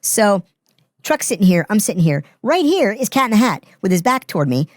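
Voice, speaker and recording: A middle-aged man tells grim stories in a blunt, deadpan way, rattling the words off at a fast clip. His voice sits close to the mic in a dry, dead room with no echo, as a podcast guest chatting casually. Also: high voice. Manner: blunt, profane, deadpan delivery of grim anecdotes. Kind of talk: casual storytelling.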